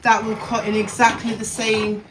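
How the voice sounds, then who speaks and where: A woman's voice: fairly high pitch, completely flat delivery, moderate pace, heavy background noise. A tired woman, chatting and muttering to herself while working in her craft studio. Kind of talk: casual crafting vlog narration.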